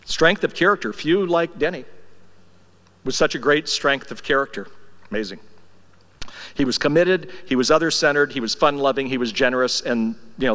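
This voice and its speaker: An older man speaking at a memorial service in a church, telling wry, affectionate stories that sometimes drop to a soft, emotional tone. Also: mid-range voice. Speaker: eulogy speaker. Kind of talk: memorial tribute speech. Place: church sanctuary. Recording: reverberant church hall.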